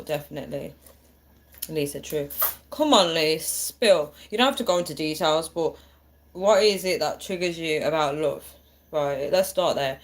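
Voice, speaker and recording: A woman's voice: low voice, slight background noise. A woman hosting a live stream, chatting with viewers in a chatty and encouraging way. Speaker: livestream host.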